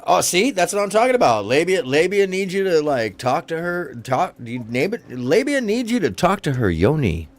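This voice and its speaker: A man hosting a casual call-in livestream, joking loudly and playfully. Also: a little high, sing-song, moderate pace, hardly any pauses. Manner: joking, loud bursts, playful. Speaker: livestream host.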